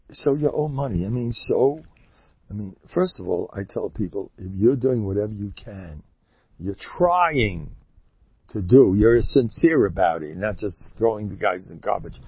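A man, a rabbi, giving an informal religious talk in an animated, rambling way, often mimicking other people's voices. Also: on the low side, vocal fry, husky, dry recording. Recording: dull lo-fi recording.

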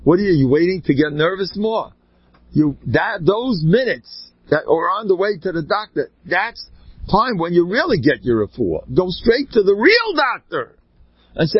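A man giving an informal Torah talk, joking and swinging his pitch up and down, with Yiddish and Hebrew words mixed into his English. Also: big pitch swings, normal speed, slightly rough, dry recording. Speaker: religious speaker. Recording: dull lo-fi dry recording.

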